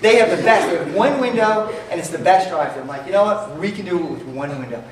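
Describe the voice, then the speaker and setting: A man's voice: high voice, quick pace, crowd noise. A man from New York with a New York accent, telling jokey stories to an audience as an entrepreneur and acting out the dialogue. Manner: animated, jokey, acts out dialogue. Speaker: entrepreneur speaker. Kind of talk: storytelling talk to an audience. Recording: echoey room from far off, faint noise.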